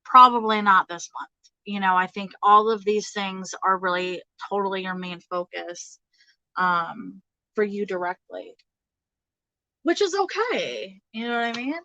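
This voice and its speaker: Woman tarot reader, unhurried, chatty, lots of fillers, dry close sound. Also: medium pitch, bright, forceful tone, no echo, lo-fi sound. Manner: chatty, frequent fillers, laughs often. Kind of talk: casual tarot reading.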